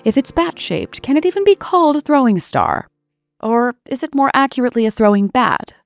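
A woman's voice: fairly high pitch, sing-song, brisk, gravelly, soft background music, voice pushed up. A woman voicing a gloomy, grave rich man who fights crime in a mask, in a comedic spoof story. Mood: musing. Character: brooding rich masked vigilante man.

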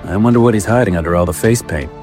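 A man's voice: fairly low pitch, racing, over music, natural voice. A man doing a flustered, eager police commissioner. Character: eager, lovestruck middle-aged male police commissioner.

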